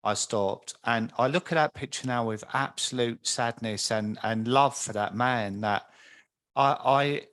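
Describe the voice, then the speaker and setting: A man hosts a podcast in a chatty, empathetic tone. His voice sits at an ordinary middle pitch for a man, and his speech is casual and conversational. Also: unhurried, a bit bright. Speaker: podcast host. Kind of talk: conversational interview.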